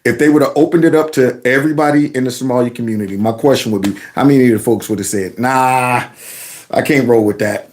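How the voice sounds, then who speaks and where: A man hosting a political commentary vlog, talking in an animated, mocking, folksy way. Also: mid-range voice, racing, hardly any pauses. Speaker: commentary channel host.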